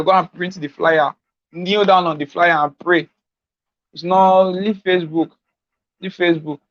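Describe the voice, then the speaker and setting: A man's voice: high-pitched, fairly bright tone, dry recording, highs cut off. A Nigerian man giving an informal coaching talk on social media marketing, teasing his listeners and repeating his key points.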